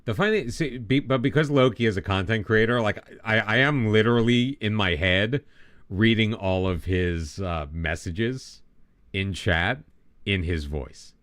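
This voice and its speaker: A man's voice: on the low side, measured pace, fairly bright tone, no room sound. A middle-aged man chatting casually on a live game stream, rambling and self-deprecating, with many restarts. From United States.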